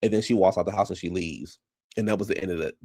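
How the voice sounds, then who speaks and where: A man's voice: low-pitched, fast, a little mellow, slightly rough, no echo, clean studio sound. A man casually recapping a reality TV episode, chatty and frank, often trailing off and restarting mid-thought.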